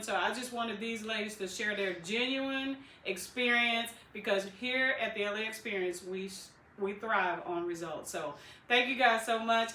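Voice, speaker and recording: Bright upbeat woman host in an echoey room. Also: fairly high pitch. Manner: upbeat, direct, keeps addressing viewers with "listen" and "you guys". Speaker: hair clinic owner hosting a client testimonial. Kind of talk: promotional talk to viewers.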